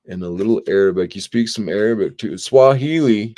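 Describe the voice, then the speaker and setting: A man hosting a casual livestream, chatting and reading viewer comments aloud in a relaxed, drawling way. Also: lowish voice, brisk. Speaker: livestream host.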